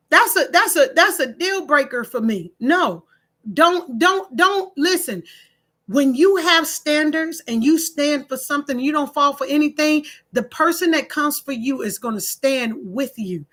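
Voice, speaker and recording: A high, bright-voiced middle-aged woman speaks. She lectures her viewers in an animated, preachy way and acts out her own past lines as she goes. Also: normal speed. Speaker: host of own video page. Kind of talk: casual talk to camera.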